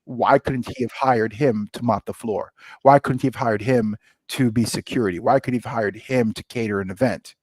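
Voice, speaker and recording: Middle-aged male guest, energetic storyteller who acts out both sides of a conversation, dry close mic. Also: mid-range voice, moderate pace, no echo. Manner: lively storyteller, acts out dialogue with rising excitement. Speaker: scotch company founder, guest. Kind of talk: animated storytelling interview.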